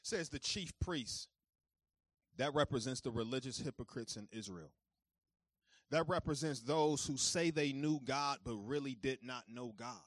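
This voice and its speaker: A man preaching a sermon who moves between calm teaching and loud, high-pitched preaching, talking informally straight to his congregation. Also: unhurried, no echo, studio quality. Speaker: pastor.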